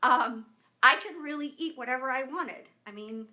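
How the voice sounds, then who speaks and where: At a moderate pace, a high, pushed, bright voice belongs to a woman in her thirties from Southern California hosting a live video. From indoors at home, with a camera and lighting rig, she addresses viewers by name, leaning on fillers, her emotions showing openly as she comes close to tears.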